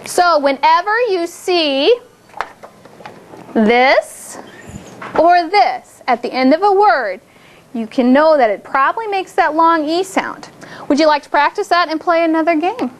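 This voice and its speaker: A woman leads young children through a phonics lesson in a very high, bright voice. She keeps it upbeat and encouraging, slowing right down to stretch out each word she models. A faint hiss of room noise sits under the classroom recording. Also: animated. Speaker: teacher. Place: classroom with small group of children.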